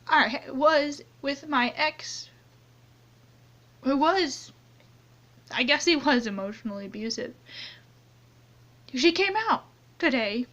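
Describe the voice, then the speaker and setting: A young woman talking tearfully into her phone in an anonymous confessional vlog, halting and trailing off as she goes. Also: high-pitched, animated, bright, forceful tone. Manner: halting, many restarts and trailing off. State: tearful, crying on and off. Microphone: phone camera close up, only a hand in frame. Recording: dull lo-fi phone audio.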